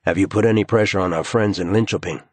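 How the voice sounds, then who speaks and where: Man doing a persistent police detective, insistent and clipped, husky voice, dry close sound, audiobook. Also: sits low, fast, no echo.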